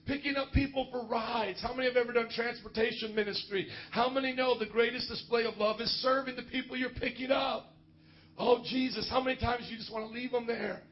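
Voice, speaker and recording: A male pastor telling funny stories in a sermon, animated and often laughing as he goes. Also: very high-pitched, moderate pace, lo-fi sound. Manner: animated, joking, often laughs mid-story. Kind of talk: sermon storytelling.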